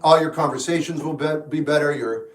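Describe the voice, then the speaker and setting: A man hosting a livestream, answering chat questions in a relaxed, frank, musing way. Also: fairly high pitch, a little fast. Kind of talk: casual live chat. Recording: echoey room, mic at a distance. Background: guitar music in the background.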